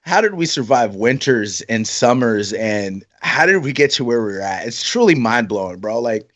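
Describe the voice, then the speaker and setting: A man's voice: medium pitch, lively intonation, moderate pace, fairly bright tone. A young man co-hosting a podcast, laid-back, teasing and swearing casually. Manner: laid-back, swears and teases, says "yo" and "bro". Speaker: podcast co-host. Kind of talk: casual chat.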